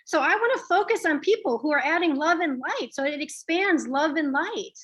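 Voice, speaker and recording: Earnest higher-voiced woman guest. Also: expressive, moderate pace, fairly bright tone. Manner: earnest, reflective, with fillers. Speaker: lawyer and guest. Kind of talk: personal storytelling in an interview.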